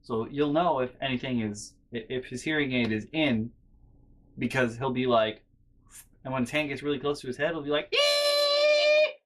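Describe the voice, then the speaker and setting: Young man, casual storytelling, rambling, restarts a lot, mid-pitched voice, mutters asides. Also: fairly quick. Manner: rambling, self-interrupting with fillers and restarts; drops to quiet muttered asides. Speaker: vlogger.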